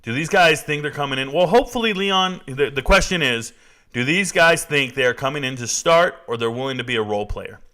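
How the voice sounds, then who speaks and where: A man's voice: mid-range voice, brisk. A man in his forties hosting a sports live stream, talking casually and answering chat. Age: 40s. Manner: animated, reads and answers chat.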